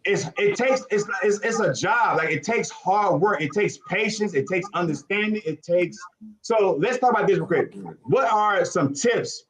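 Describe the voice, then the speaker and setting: A man in his forties from Chicago hosts a casual live chat. His voice sits notably high for a man, and he talks in an animated, preachy way, handing out advice to his guests. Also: normal speed. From Chicago, USA. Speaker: host.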